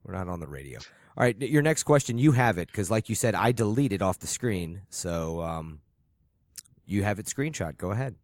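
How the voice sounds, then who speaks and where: A man's voice: low voice, sing-song, moderate pace, no room sound, studio quality. A man co-hosting a podcast, teasing his co-host in profane casual chat and laughing often.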